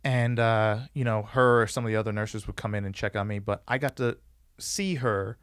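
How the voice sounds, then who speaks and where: A man's voice: fairly low pitch, fairly even intonation, moderate pace, fairly bright tone, clean tone, no echo, studio quality. A man in his forties, a podcast guest, telling rambling stories from his life, full of "like" fillers and acted-out quotes. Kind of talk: casual storytelling interview.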